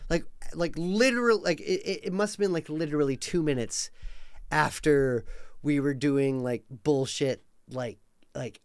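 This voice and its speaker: A man in his thirties rambles through a casual live-stream chat, cursing freely and tossing in plenty of likes and uhs. His voice swings widely up and down in pitch as he talks. The sound is dry, with no room echo. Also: moderate pace. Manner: rambling, animated, swears freely, many fillers.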